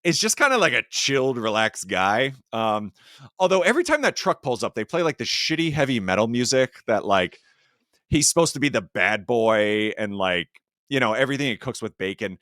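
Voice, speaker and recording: A man's medium-pitched voice, at a moderate pace and in studio quality with no room sound, hosts a podcast about a film. The chat is casual and rambling, heavy on "like" and other fillers, with animated rises.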